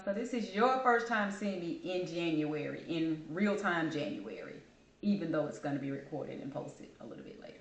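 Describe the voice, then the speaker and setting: Grieving woman vlogging in an echoey room. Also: medium pitch. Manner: candid and heartfelt, addresses viewers as y'all. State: grieving, holding back tears. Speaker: channel host. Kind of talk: personal vlog talking to camera.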